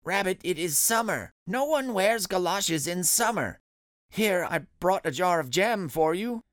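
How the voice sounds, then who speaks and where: Storybook read-aloud: narrator playing a sarcastic male fox, dry and mutter-prone, lively inflection. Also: mid-range voice, unhurried, no echo, voice pushed up. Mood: wry. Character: wry, grumbling male fox.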